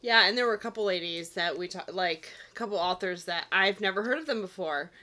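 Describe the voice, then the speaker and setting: Playful American woman co-host, bright tone, quick agreeing interjections. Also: medium pitch. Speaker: podcast co-host. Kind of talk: casual chat.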